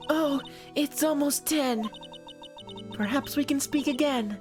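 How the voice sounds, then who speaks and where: A woman reading the lines of a gentle, polite young nun in a soft, reserved manner. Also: sits high, takes it slowly, soft background music.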